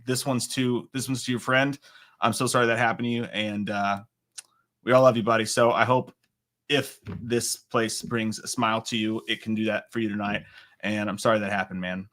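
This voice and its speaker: A man in his thirties hosting a livestream alone and reading out viewer comments in a rambling, self-mocking way, swinging from loud outbursts to quiet asides. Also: medium pitch. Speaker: livestream host.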